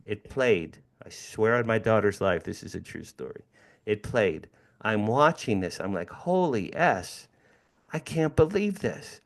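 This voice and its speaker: A man in his sixties from New Jersey, a guest speaker telling a personal story in an animated way, repeating phrases and speaking directly to his audience. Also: on the low side. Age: 60s.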